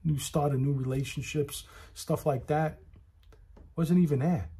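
A man's voice: a little high, steady tone, a little slow, mellow, slight background noise. A man telling a story in a casual rant, aggrieved and talking straight to the listener. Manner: aggrieved, talks straight to the listener, repeats himself.

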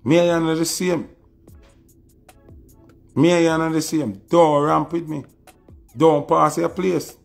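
Brief: higher-pitched gravelly Jamaican man, scornful and taunting, ranting a diss. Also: fairly even intonation, a little slow, pauses often, faint music behind. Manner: scornful, taunting, repeats insults. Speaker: social media personality.

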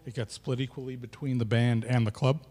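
Guy emceeing a jazz club gig, mellow low-key voice, big reverby room. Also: flat delivery, fairly quick. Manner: loose and chatty, many fillers. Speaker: club host introducing the show. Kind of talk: live stage introduction.

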